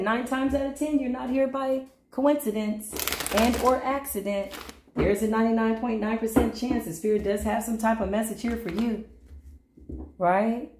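A woman's voice: fairly high pitch, fairly even intonation, normal speed, a little mellow, reverberant, a little hiss or hum. A woman giving a channeled tarot reading to her viewers, with a playful, teasing manner and sing-song greetings. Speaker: tarot reader.

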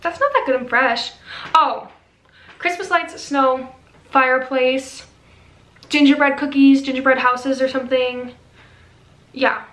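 A woman's voice: high-pitched, steady tone, a little slow, long pauses, a bit bright, roomy sound, low-quality recording. A young woman chatting in a casual vlog, bubbly and self-mocking, rambling with lots of fillers and sleepless late at night. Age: young adult. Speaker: vlogger. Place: bedroom, then a room with a piano.

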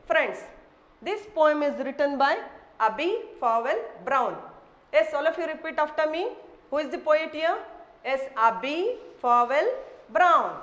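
A woman with an Indian English accent teaches young children at a deliberately slow pace. She spells out each word letter by letter and says every line twice. Her voice sits high. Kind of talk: slow classroom vocabulary lesson for children.

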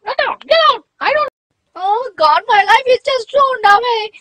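A woman's voice: very high-pitched, animated, moderate pace, sharp tone, no echo, heavily acted. A woman voicing a young puppet wife in a comedy skit who sobs, shrieks and swears. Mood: sobbing.

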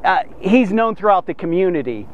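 A man's voice: sits high, big pitch swings, fairly quick. A man preaching a devotional sermon to men, emphatic and direct, often checking in with "okay?". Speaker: pastor.

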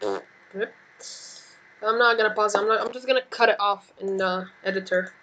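A young woman hosting casual game commentary, loud and excitable, swearing often as she plays. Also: medium pitch, moderate pace, lo-fi sound, a little hiss or hum. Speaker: gaming channel host.

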